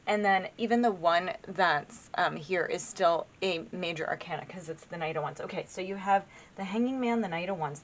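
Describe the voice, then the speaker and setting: A woman in her forties doing a casual tarot reading to camera, chatty and excitable, rambling with asides to her viewers. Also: on the low side, slight background noise. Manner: chatty and excitable, laughs often, gushes over cards. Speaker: tarot reader.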